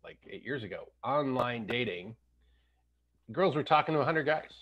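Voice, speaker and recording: A man in his fifties hosting a casual podcast chat, animated, slipping into jokey accent impressions. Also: medium pitch, moderate pace, highs cut off. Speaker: podcast host.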